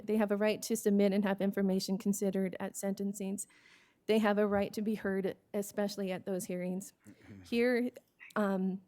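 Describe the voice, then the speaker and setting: A woman with an American accent presenting a prepared report on victim services to a county meeting, speaking earnestly and steadily. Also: mid-range voice. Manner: steady and earnest, becoming emotional and hesitant. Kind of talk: reading a prepared report, then answering questions.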